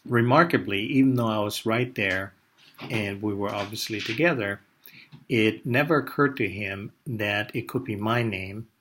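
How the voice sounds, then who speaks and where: An older man born in Indonesia, telling a personal story in a measured way, pausing often with "uh". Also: on the low side, fairly bright tone, slight background noise. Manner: measured, with frequent "uh" pauses.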